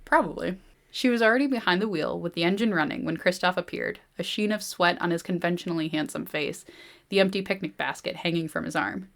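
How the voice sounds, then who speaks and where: A woman hosting a book podcast, reading a novel aloud and chatting, animated with many "like"s. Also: on the low side, a little fast, vocal fry. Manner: animated retelling, heavy use of "like". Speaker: podcast host.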